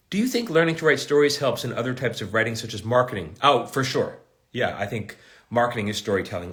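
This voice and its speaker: A man's voice: medium pitch, animated, fairly bright tone. A middle-aged man hosting a casual live Q&A. He jokes and reads viewer questions aloud. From United States. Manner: slips into halting learner's Italian.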